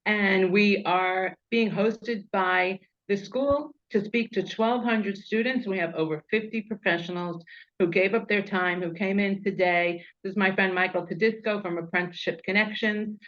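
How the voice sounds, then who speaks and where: A woman's voice: medium pitch, fairly even intonation, normal speed, fairly bright tone. A woman, a nonprofit founder talking earnestly and heartfelt as an interview guest. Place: at a high school event. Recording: slightly dull lo-fi sound.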